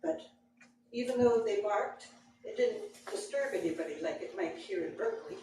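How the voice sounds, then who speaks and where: At a moderate pace and in a mid-range voice, a woman performs a story to a live audience, giving the scene its own voices. The audio is very noisy, recorded by a far mic in a very echoey room, with ambience and audience laughter audible.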